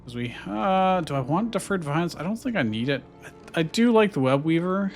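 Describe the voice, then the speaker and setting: A man narrating his own gameplay in a relaxed, thinking-aloud way. His voice sits a little high, and he muses over options with frequent fillers. Faint music plays behind him. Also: brisk. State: hiccuping. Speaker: gameplay streamer. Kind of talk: casual let's-play commentary.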